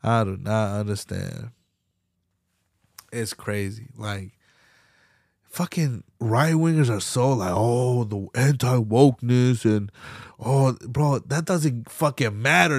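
A man's voice: medium pitch, expressive, moderate pace, dry recording, clean studio sound. A man hosting his own podcast, ranting heatedly and profanely with rhetorical questions and mocking asides, with a Pittsburgh accent. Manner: mocking quoted voices of opponents. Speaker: podcast host. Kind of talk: solo podcast rant.

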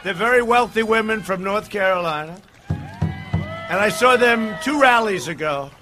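A man giving a campaign rally speech outdoors, rambling and digressive, swinging between shouted lines and low asides. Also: wildly swooping pitch, a little slow. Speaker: political candidate at a rally.

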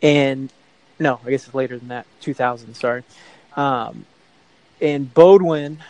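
A man's voice: mid-range voice, unhurried, a little mellow, no echo, low-quality recording. Middle-aged male guest, rambling casual storyteller, mid-range voice. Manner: rambling, self-correcting storyteller who acts out quoted voices. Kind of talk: casual anecdote telling.

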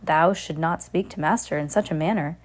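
A woman voicing a giddy, flighty old witch with a shrill, sing-song delivery, in an audiobook reading. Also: measured pace.

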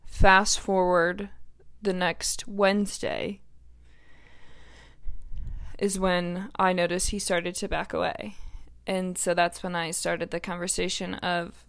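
A woman's voice: fairly low pitch, level tone, takes it slowly, gravelly, long pauses, fairly bright tone. Chatty young woman venting. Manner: chatty, lots of "like", blunt and profane. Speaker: podcast host. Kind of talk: candid personal storytelling.

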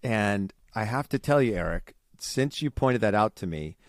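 A man's voice: lowish voice, expressive, normal speed, no room sound, studio quality. A young man co-hosting a casual podcast, chatty and giggly with lots of ums. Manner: chatty, giggly, many fillers. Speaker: podcast co-host.

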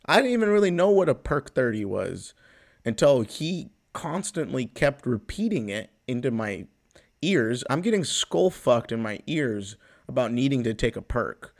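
A man in his twenties from the US Pacific Northwest, hosting a podcast and telling a personal story in a loose, profane way, with sudden jumps in pitch and loudness. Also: big pitch swings, moderate pace. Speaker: podcast host. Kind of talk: casual storytelling monologue.

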